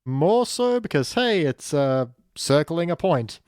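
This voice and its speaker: A man's voice: fairly high pitch, very animated, takes it slowly, darkish tone, smooth, no echo, studio quality. A man co-hosting a casual review podcast, making wry jokes and asides. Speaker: podcast co-host.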